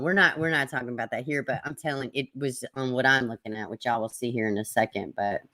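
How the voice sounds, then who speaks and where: A woman's voice: sits low, fairly bright tone. A woman hosting a casual livestream, talking animatedly, swearing freely and laughing often. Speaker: livestream host.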